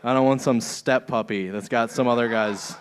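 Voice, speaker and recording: A man performs stand-up into a handheld mic on a club stage. His delivery is crude and rambling, at a middle pitch, and he keeps laughing at his own jokes as he goes. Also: steady tone, normal speed. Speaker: stand-up comedian. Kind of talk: stand-up comedy set.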